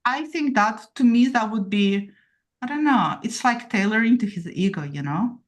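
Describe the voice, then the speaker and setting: A woman's voice: a little high, expressive, normal speed. A woman hosting a casual chat with a playful, bawdy, rambling manner. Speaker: host, tarot reader.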